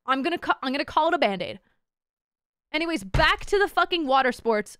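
A young woman in her twenties streaming, chatting casually in a rambling, loud way, swearing a lot, laughing and breaking into shouts. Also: high voice, animated, brisk. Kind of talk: casual chat.

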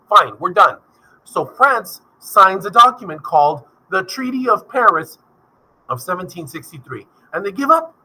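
A male history teacher giving an energetic recorded video lesson, speaking straight to his students. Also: high voice, rough recording. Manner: energetic, addresses students directly.

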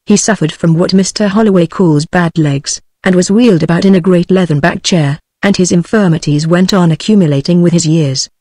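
A text-to-speech voice reading a classic ghost story aloud in an even, synthetic narration. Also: medium pitch, fairly quick, hardly any pauses, no echo, studio quality. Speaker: audiobook narrator. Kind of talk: scripted narration.

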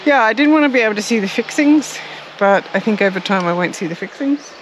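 A woman's voice: fairly high pitch, lively intonation, fast, slight background noise, low-quality recording. An Australian woman chatting casually in her garden, laughing often and searching for words. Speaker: co-host of a gardening channel. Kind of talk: casual chat. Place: outdoors in a garden.

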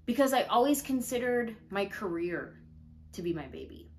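A woman's voice: on the high side, animated, normal speed, a little mellow, a little hiss or hum. Chatty, slightly breathless woman vlogger. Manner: chatty, earnest, rambling. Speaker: comedian and video host. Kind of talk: casual talk to camera.

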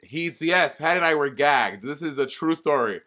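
A man's voice: fairly high pitch, animated, normal speed, sharp tone. A man co-hosting a podcast, teasing and cursing freely as he dramatically retells stories in casual comic chat. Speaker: podcast co-host.

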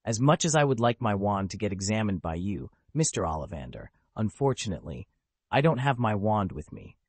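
A man narrating an audiobook, voicing a poised and polite teenage boy wizard in a calm, assured manner. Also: on the low side, fairly quick, breathy edge, dry recording, heavily acted. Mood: composed.

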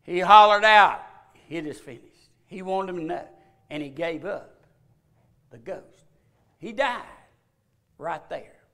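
An older man with a Southern American accent, preaching a sermon as pastor, with sudden loud rises and long pauses. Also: high-pitched, creaky.

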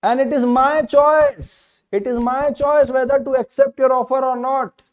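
Emphatic high-voiced Indian male law tutor. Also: fairly even intonation, measured pace. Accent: Indian English. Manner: repetitive, emphatic, rhetorical questions. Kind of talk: online lecture.

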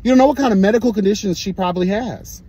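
A man telling a story in a sassy, profane, animated storytime rant. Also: high voice, rapid-fire, slightly rough. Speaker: vlogger.

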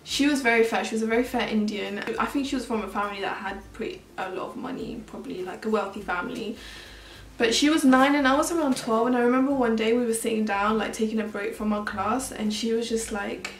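A woman's voice: on the high side, fast. A young woman from Mauritius telling a personal story for her vlog in a chatty, earnest way. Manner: chatty, earnest, heavy use of "like". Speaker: vlogger. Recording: roomy sound, mic at a distance.

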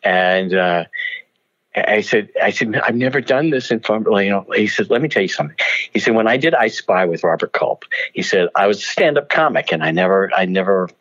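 An older man with a lowish voice tells showbiz stories at a brisk, animated clip, laughing between lines and slipping into other people's voices. The recording sounds dull and lo-fi, as if the top end were cut off. He talks in a warm, chatty interview style. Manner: animated, laughs often, does voices in anecdotes. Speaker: guest actor. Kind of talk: storytelling interview. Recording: dull lo-fi audio.

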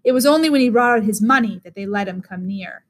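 A teacher reading a fairy tale aloud in a measured, expressive way. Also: female voice, medium pitch.

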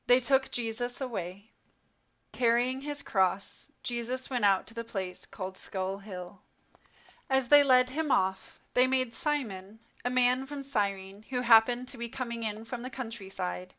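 A woman reads scripture aloud at an unhurried, deliberate pace, each phrase measured and solemn. Her voice sits a little high and bright. The recording sounds dull and lo-fi. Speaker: scripture reader. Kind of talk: slow scripture reading. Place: church.

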